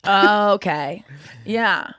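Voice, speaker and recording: A woman hosting a comedy podcast, chatting playfully in quick banter with her co-host. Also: mid-range voice, fairly bright tone, smooth, no echo, clean studio sound. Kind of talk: casual comedy podcast chat.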